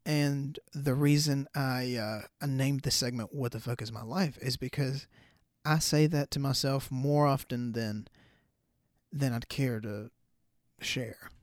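A man's voice: medium pitch, steady tone, a little slow, dry recording, clean studio sound. A man hosting a podcast alone, talking in a loose, chatty, profane way with lots of fillers and restarts. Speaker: podcast host. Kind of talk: casual solo podcast rant.

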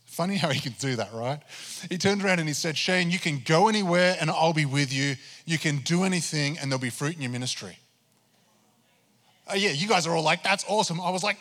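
A man's voice: on the high side, lively intonation, moderate pace, a bit bright, in a large hall. A pastor preaching a sermon, telling his own story with animation and acting out his prayers to God. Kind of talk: sermon testimony.

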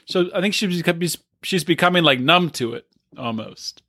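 A podcast co-host who retells scenes and acts out what others said. His voice is high, bright and animated, and the recording sounds dry and close. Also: normal speed, no echo. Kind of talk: casual comedic chat.

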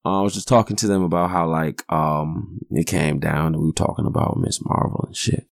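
Gravelly deep-voiced guy in his 40s, cussing and rambling, super laid-back podcast talk. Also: fairly even intonation, fairly quick, no echo, studio quality. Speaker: podcast host. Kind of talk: casual storytelling monologue.

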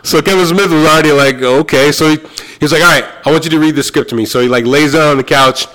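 A young adult man telling a story in casual chat, animated and swearing, acting out the other people's lines. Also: a little high, quick pace.

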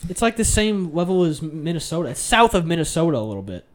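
A man's voice: a little high, sing-song, fast. A young man from Iowa chatting casually, blunt and opinionated, swearing freely. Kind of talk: casual chat.

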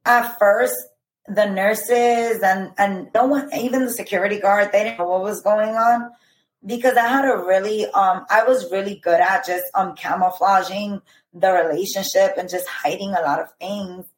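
Woman guest in her thirties, mid-pitched, recounting her past in halting bursts, roomy sound. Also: fairly even intonation. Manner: earnest, halting retelling with frequent "like" and "I remember". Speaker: podcast guest. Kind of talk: personal storytelling. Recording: roomy echo.

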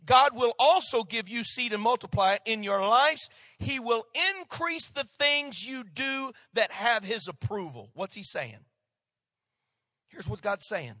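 A male pastor preaching a sermon, swinging between loud emphatic lines and hushed asides. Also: very high voice, animated, unhurried, dry recording, studio quality.

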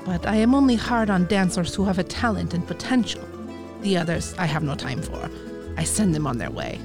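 A woman voicing a gruff, strict male dance teacher with a mixed, put-on European accent, reading from a book on a podcast. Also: on the low side, big pitch swings, fairly quick, music in the background.

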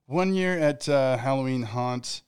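A man's voice: medium pitch, a little slow, darkish tone, clean tone, no room sound, studio quality. A man in his thirties on a casual podcast, telling anecdotes and acting out what people said. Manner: storyteller who acts out quoted lines. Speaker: podcast co-host. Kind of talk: casual chat.

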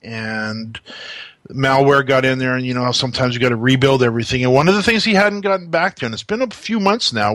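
A man's voice: medium pitch, fairly bright tone, no room sound. A man hosting a radio show, upbeat and chatty with rambling asides. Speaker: host. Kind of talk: casual chat.

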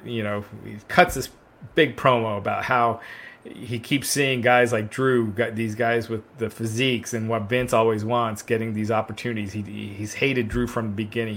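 A man's voice: fairly low pitch, a bit bright. A man co-hosting a casual wrestling chat, rambling with many "uh"s and restarts while sipping wine. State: drinking wine, relaxed. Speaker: podcast co-host.

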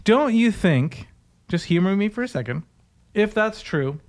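A man co-hosting a casual podcast from a studio. His voice is smooth and clear, sitting a little on the high side. He chats easily, laughs often, and reads quotes in a mocking voice. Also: animated, a little slow. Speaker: podcast co-host. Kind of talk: casual chat with quoted impressions.

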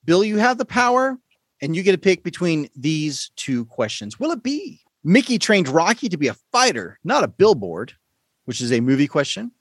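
A man hosting a casual podcast quiz, playful and quick to laugh. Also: a little high, husky, dry recording. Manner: playful, laughs often, lively delivery. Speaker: quiz show host.

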